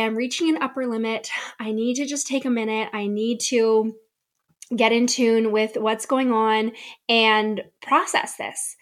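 Candid woman hosting a podcast. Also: on the high side. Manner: candid, reflective, personal storytelling. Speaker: podcast host. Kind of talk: solo podcast talk.

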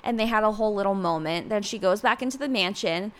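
A woman's voice: mid-range voice, fast talker. Chatty young woman podcast host. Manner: chatty, lots of "like" fillers, acts out quotes. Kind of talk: casual solo podcast recap.

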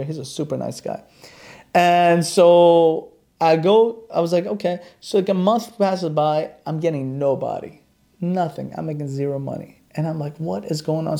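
A young chiropractor with a mellow voice tells a personal story, acting out the quoted lines with big leaps in pitch.

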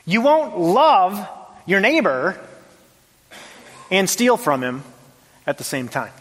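Emphatic high-voiced male preacher, reverberant hall. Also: sing-song, slow pace, fairly bright tone. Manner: emphatic, varied dynamics, rhetorical questions. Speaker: pastor. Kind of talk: sermon. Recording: long reverb of a large hall.

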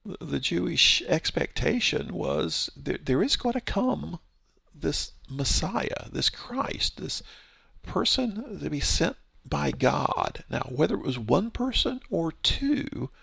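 A man's voice: on the high side, sing-song, slow pace, gravelly, sharp tone, husky, no echo. A man teaching through a Bible passage verse by verse in a conversational, explanatory way, often restarting his phrases.

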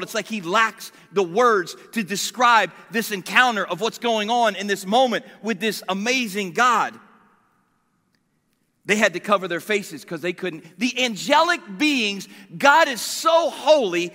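A pastor preaching a sermon in an animated way, swinging from loud declarations to hushed, quiet lines. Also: male voice, high-pitched, in a large hall.

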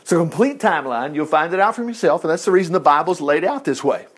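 A husky man's voice, fairly high and fast, belongs to a preacher giving a conversational sermon to a congregation in a room. Animated throughout, he voices the people he quotes.

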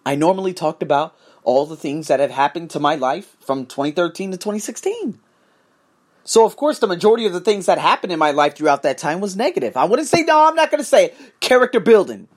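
A man's voice: high voice, very animated, fast talker. A man hosting his own podcast, ranting in a profane, emphatic solo monologue. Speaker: podcast host.

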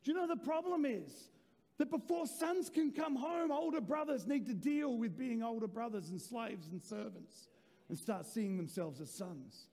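Male pastor, high voice, dark mellow tone, preaching with shouted emphasis and cheeky asides, long reverb of a church hall. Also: moderate pace. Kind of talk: sermon.

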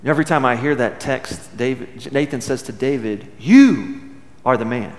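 A man's voice: medium pitch, expressive. Emphatic preaching man in echoey hall. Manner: emphatic preaching, dramatic pauses, swings from loud to quiet. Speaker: pastor. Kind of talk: sermon.

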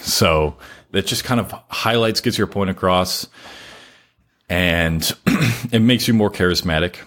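A man with a very deep, low-pitched voice talks as a podcast guest. He explains his advice earnestly and deliberately, often pausing between his points. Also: a bit bright. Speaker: podcast guest giving advice on content creation. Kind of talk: casual interview chat.

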